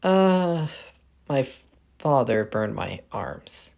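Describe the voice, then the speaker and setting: A man's voice: mid-range voice, sing-song, very slow, creaky, dull audio, heavily acted. A man voicing a hurt, timid teenage girl who speaks hesitantly and apologetically, with stumbling restarts. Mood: downcast.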